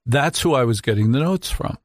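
A man's voice: mid-range voice, lively intonation, brisk, dry recording. A man hosting a nightly radio talk show, talking into a studio microphone with sarcastic, mock-outraged asides.

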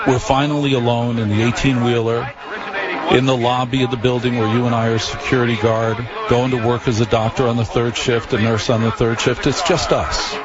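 A man's voice: medium pitch, level tone, a little fast, highs cut off. A man hosting a late-night radio talk show, rambling wryly through a monologue to listeners. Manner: wry, conversational, repeats phone number.

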